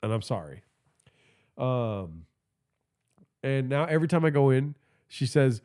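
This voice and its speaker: A man's voice: mid-range voice, very animated, a little slow, long pauses, dark tone, clear, resonant tone. A man hosting a podcast livestream, telling stories in a casual, profane and rambling way, talking into a phone held in his hand, with a stuffy nose. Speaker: podcast host.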